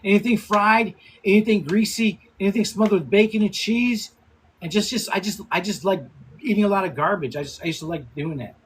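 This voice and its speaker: A man in his fifties hosting a casual livestream. He laughs often, swears freely and gives quick shout-outs to viewers. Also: high voice, a little hiss or hum, low-quality recording. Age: 50s. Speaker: livestream host.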